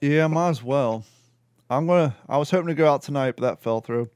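A man hosting a casual chat, animated and swearing, acting out voices in his stories. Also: a little high, a little fast, clear, resonant tone, no echo, clean studio sound. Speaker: podcast host.

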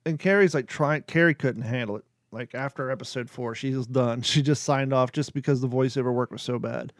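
In a dry, studio-quality recording, a man with a medium-pitched voice hosts a podcast. His casual chat rambles through asides, jokes and plenty of fillers.

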